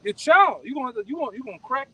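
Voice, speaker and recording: Fast, high-voiced man leading a discussion. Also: animated, sharp tone, far from the mic, low-quality recording. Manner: emphatic, repetitive, ends phrases with "man". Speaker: discussion leader. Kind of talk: casual group discussion.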